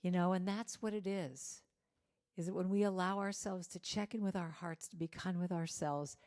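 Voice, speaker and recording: A woman's voice: on the low side, steady tone, normal speed, a little mellow. A middle-aged woman giving an inspirational talk, playful and inviting the listeners to join in. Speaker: guest speaker. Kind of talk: inspirational sermon.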